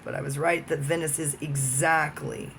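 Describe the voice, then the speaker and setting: A man's voice: on the high side, steady tone, moderate pace, gravelly, a bit bright, a little hiss or hum. A man talking alone to the camera in a rambling, profane monologue that jumps from topic to topic. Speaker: vlogger.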